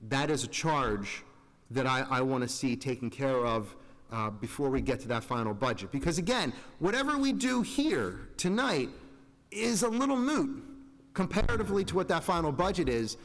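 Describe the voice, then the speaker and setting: Man, forties, earnest school board remarks, restarts often, mid pitch, echoing room. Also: fairly bright tone. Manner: rambling, earnest, self-interrupting. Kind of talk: public meeting remarks. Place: large school meeting room. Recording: reverberant hall.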